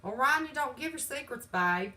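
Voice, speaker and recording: A woman's voice: high-pitched, animated, moderate pace, sharp tone, recorded from a distance, poor audio. A woman with a Southern accent from West Virginia, hosting a livestream from her home, talking in a sassy, defiant, folksy way while reading chat. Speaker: channel host. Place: home, indoors.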